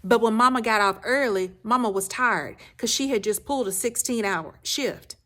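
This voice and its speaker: A woman life coach giving a motivational speech, repeating her phrases for emphasis and often dropping to a soft, low near-whisper. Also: normal speed.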